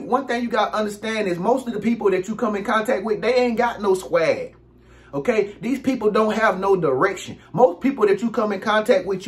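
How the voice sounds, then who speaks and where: A man, giving casual relationship advice in an animated, preachy monologue. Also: sits high. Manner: animated, preachy, acts out quick impressions.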